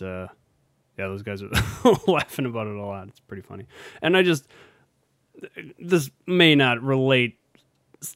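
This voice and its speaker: A man's voice: medium pitch, a bit bright, no echo, studio quality. A man co-hosting a casual podcast chat, rambling with restarts and laughing often. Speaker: podcast co-host.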